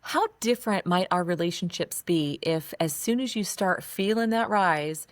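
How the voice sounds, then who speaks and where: A woman's voice: lowish voice, normal speed, dry recording. A woman hosting a podcast interview, affirming her guest and asking questions. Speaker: podcast host.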